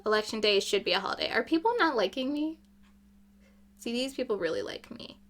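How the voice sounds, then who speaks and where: A woman's voice: a little high, expressive, brisk, fairly bright tone. A woman giving casual gameplay commentary, chatty and opinionated, with jokey asides. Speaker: gaming YouTuber.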